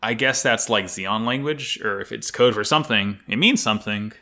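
A man's voice: lowish voice, moderate pace. A man co-hosting a casual podcast, recapping an anime episode with jokes, swearing and frequent laughter. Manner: animated, laughs often, swears, jokey. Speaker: podcast co-host.

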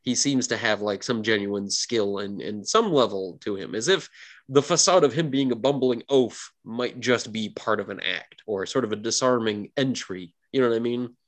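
A man's voice: fairly low pitch, moderate pace. A man narrating a tabletop game as game master, loose and full of fillers.

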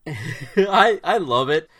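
Man, podcast co-host, lively pitch swings, slightly high voice, giggly, casual chat. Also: extremely slow, breathy edge. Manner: animated, giggly, retells sketches. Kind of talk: casual chat about films.

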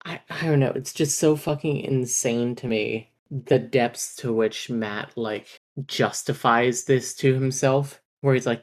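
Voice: measured pace, hardly any pauses. A podcast co-host chatting casually about a book, ranting, swearing and laughing. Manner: swears freely, ranting and laughing, mid-pitch.

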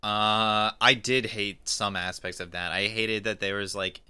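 Bright-voiced man rambling in casual chat. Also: on the low side, fairly even intonation, measured pace, smooth. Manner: rambling, many likes. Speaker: podcast co-host.

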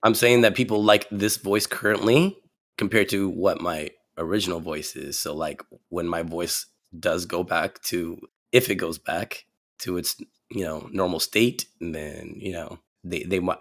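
Male podcast co-host, very low voice, hoarse from a cold, relaxed rambling delivery. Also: moderate pace. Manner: laid-back, rambling casual chat. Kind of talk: casual chat.

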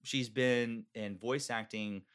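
Podcast host guy, medium pitch, rambles with lots of "like" and "you know". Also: fairly even intonation, slow, clear, resonant tone. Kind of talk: casual chat.

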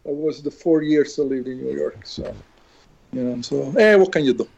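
A man's voice: fairly high pitch, normal speed, vocal fry, a little mellow, lo-fi sound. A man with an Italian accent, a film director joking through a casual podcast interview with many fillers. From Italy.

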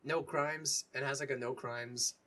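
A man narrating as game master in a tabletop game, talking casually and haltingly with many fillers. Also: mid-range voice, steady tone, bright, forceful tone.

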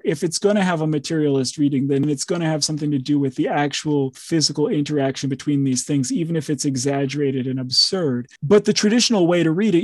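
A man with a somewhat high voice hosts a podcast as a professor. He explains ideas with enthusiastic, rambling energy in casual academic chat. The sound is close and dry. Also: darkish tone, no echo.

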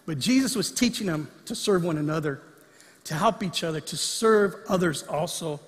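A male pastor preaching a sermon in a church, lively and acting out the lines he quotes. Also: on the high side, normal speed, in a large hall. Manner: animated, acts out quoted lines. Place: church sanctuary.

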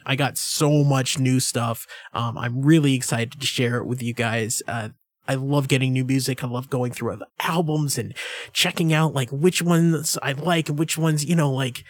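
A man's voice: mid-range voice, dry recording. A man hosting a music show, chatting casually and eagerly between tracks with plenty of fillers. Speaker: radio show host.

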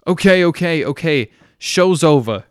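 A man voicing a bossy young college woman who shouts to end a party. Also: sits low, expressive, unhurried, no room sound, studio quality, voice pushed up. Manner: loud, shouting over a crowd.

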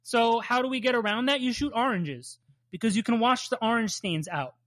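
Podcast co-host, bright voice, rambling, jokey, casual swearing, dry close sound. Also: medium pitch, a little fast, no echo. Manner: laughs often and plays up bits. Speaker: podcast co-host recapping a cartoon.

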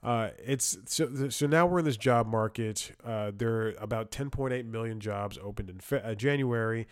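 A man's voice: mid-range voice, normal speed, clear, resonant tone, dry recording, studio quality. A man hosting a podcast, telling a story in a rambling, self-interrupting way and laughing at his own jokes. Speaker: podcast host. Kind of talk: casual comedic monologue.

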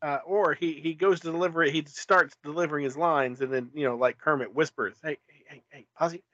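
A man's voice: a little high, fairly even intonation, fairly quick, a bit bright, no echo, highs cut off. A man in casual podcast chat, talking hesitantly with many filler words and restarts.

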